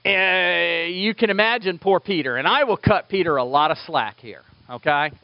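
Animated, high-voiced male preacher. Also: normal speed, vocal fry, no room sound, dull audio. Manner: animated, conversational, self-deprecating. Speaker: pastor. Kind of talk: sermon.

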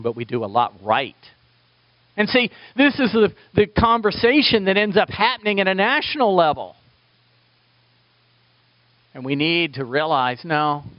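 A man's voice: a little high, dry recording. A man preaching a sermon as a pastor, asking his listeners rhetorical questions. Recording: dull lo-fi dry recording.

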